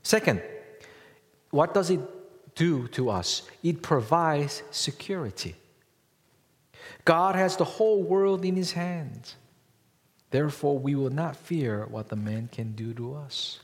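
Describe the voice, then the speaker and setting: A male pastor takes his sermon slowly, leaving long pauses as his words resound with a long reverb through the church hall. He moves between loud, emphatic statements and quiet, low asides, returning again and again to rhetorical questions for the congregation.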